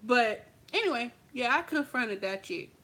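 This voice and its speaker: A woman makeup vlogger telling a story in sassy, animated casual chat, talking straight to the viewer. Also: on the high side, a little slow.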